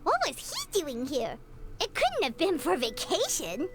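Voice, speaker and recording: A woman's voice: high-pitched, huge pitch swings, unhurried, exaggerated voice. A woman voicing a tiny, chatty fairy-girl companion in a video game who talks about herself in the third person. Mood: chirpy curious. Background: game music.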